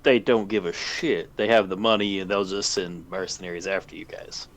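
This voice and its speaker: A man's voice: deep voice, steady tone, normal speed. A man running a tabletop role-playing game, plainly explaining rules and what the players see.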